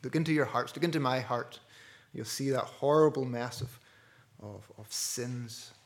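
A man preaching a sermon earnestly, dropping to a hush and rising to loud stresses. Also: medium pitch, measured pace. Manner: earnest, with wide swings between hushed and loud.

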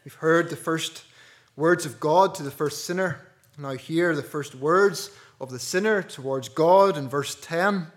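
Earnest preacher, hushed then loud. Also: male voice, fairly high pitch, measured pace. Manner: earnest, with wide swings between hushed and loud. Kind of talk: sermon.

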